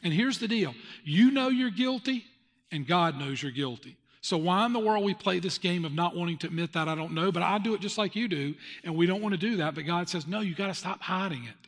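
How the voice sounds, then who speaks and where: Male pastor, sermon, confessional storyteller, emphatic, slightly high voice, long reverb. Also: fast talker, hardly any pauses, a bit bright.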